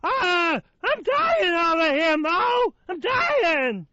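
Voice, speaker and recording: A drunken cartoon barfly who screams and sobs that he is shot, his voice pitched painfully high and lurching wildly up and down. It comes over a dull, lo-fi radio broadcast. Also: very animated, very slow, sharp tone, no echo, exaggerated voice. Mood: wailing, desperate. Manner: screaming, sobbing, desperate.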